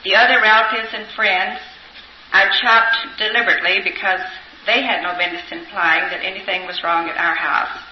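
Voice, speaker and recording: An older woman giving an earnest, reflective personal testimony, pausing and hesitating as she tells her story. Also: mid-range voice, fairly even intonation, a little hiss or hum. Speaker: speaker sharing recovery story. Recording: roomy, dull older recording.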